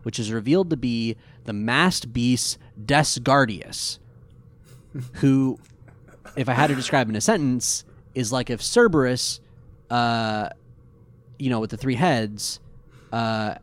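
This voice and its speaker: A man co-hosting a podcast, casually recapping an episode in an animated, rambling way with fillers. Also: medium pitch, measured pace.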